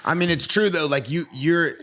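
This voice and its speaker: A man hosting a casual podcast chat, energetic and slangy, with lots of "bro" and "like". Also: on the high side, normal speed.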